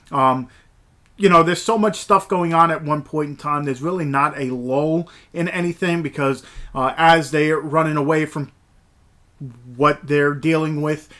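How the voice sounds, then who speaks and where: A man's voice: a little high, pushed and bright. A man giving a casual, rambling movie review, full of fillers and enthusiasm. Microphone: camera mic, movies shelved behind.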